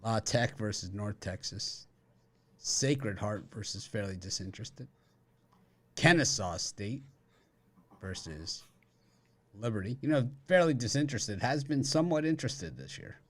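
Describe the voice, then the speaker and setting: A man's voice: on the low side, animated, a little slow, pauses often, fairly bright tone. A man hosting a sports betting show, rattling off college matchups and cracking dry jokes between them. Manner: joking, rattles off matchups with wisecracks. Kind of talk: casual sports betting chat.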